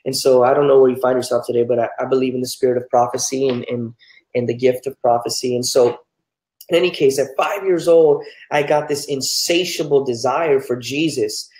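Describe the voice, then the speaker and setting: A man's voice: mid-range voice, steady tone, fairly quick, a little mellow, reverberant, poor audio. A man from New Mexico, a pastor telling his life story candidly and earnestly in an interview. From New Mexico, United States.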